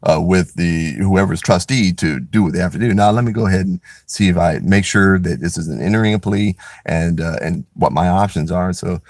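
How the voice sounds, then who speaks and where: A man's voice: sits low, brisk, hardly any pauses, a little mellow, no room sound, studio quality. A man in a casual, rambling monologue, blunt and profane, with lots of restarts as he talks.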